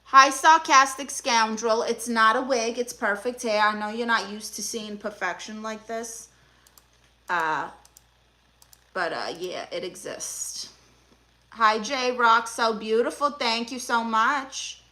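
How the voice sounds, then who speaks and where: A young woman with a Brooklyn accent runs a live stream as a comic aunt therapist. She answers viewer comments with sass and teasing. Her voice is bright and slightly high, with a sharp edge. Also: slow. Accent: Brooklyn New York.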